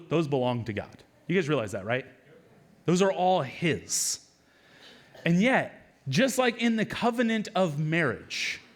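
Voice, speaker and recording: A man, a lead pastor, preaching a sermon in a conversational, animated way with quick asides and repeated words. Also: fairly high pitch.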